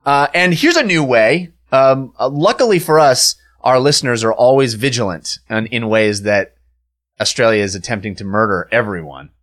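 Podcast host guy reading out a weird story, laughs a lot, lively up and down voice. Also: medium pitch, moderate pace. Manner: chatty storyteller, laughs a lot, many ums and restarts. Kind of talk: casual comedic chat.

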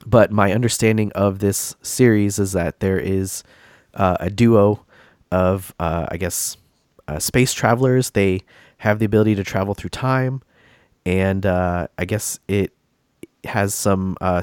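A man's voice: lowish voice, steady tone, unhurried, no echo, studio quality. A man hosting a casual gaming podcast, stuffy and congested from a cold, rambling with many fillers and restarts. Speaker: podcast host.

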